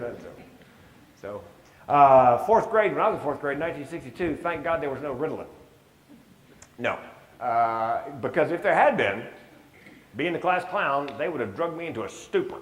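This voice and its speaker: A wry comedian in his sixties tells stories in a relaxed, conversational way, now and then slipping into the voices of people he quotes. His voice sits a little high for a man. The talk rings through a large, echoey hall with a long tail of reverb. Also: moderate pace. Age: 60s. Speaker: stand-up comedian giving a talk. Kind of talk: storytelling talk with slides.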